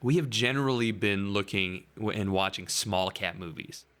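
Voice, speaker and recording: A man co-hosting a podcast in casual chat, deadpan and hesitant, making dry jokes. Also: lowish voice, normal speed, smooth. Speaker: podcast co-host.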